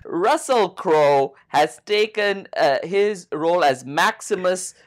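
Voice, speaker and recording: Man with deadpan sarcastic praise. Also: high voice, slow. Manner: earnest-sounding, sarcastic praise. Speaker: podcast co-host. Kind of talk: comedic debate podcast.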